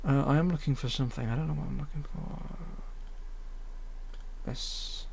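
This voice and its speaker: A man's voice: mid-range voice, steady tone, normal speed, vocal fry, a little mellow, a little hiss or hum. A man rambling casually with frequent fillers while he edits his own animation at a home computer. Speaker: animator editing his own fan series. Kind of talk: casual editing commentary.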